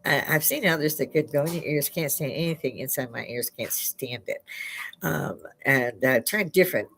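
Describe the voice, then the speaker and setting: A woman's voice: extremely low pitch, moderate pace, gravelly, a bit bright, breathy edge. An older American woman hosting a livestream from her home bar, chatting in a rambling way and laughing often, on a headset mic. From United States. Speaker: livestream host. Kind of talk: casual chat. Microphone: headphones with clip-on mic.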